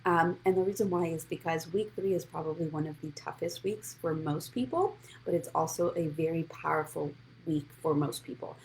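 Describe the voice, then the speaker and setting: A woman's voice: sits low, normal speed, few pauses, darkish tone, a little hiss or hum. A woman hosting a casual live money show, bubbly and greeting viewers by name. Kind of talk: casual live-stream chat.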